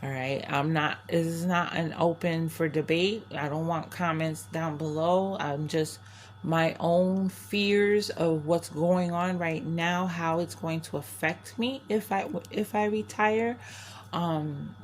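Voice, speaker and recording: Low and steady, speaking slowly, an older crafting vlogger from New York rambles casually to camera, often starting her sentences over. Her candid chat carries slight hiss or hum.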